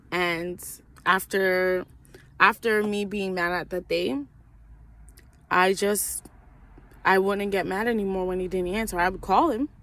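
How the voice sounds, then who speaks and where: A young woman venting in a casual storytime vlog, profane and animated, acting out the voices of the people in her story. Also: fairly low pitch. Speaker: vlogger.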